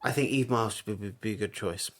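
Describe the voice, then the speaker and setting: A man's voice: lowish voice, fast, fairly bright tone. A man co-hosting a casual podcast with a playful, teasing manner, given to sing-song repetition. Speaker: podcast co-host. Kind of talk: casual chat.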